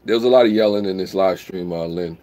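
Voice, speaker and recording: A man hosting a casual live stream, rambling while he reads the chat aloud and bursts into loud whoops. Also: low voice, quick pace.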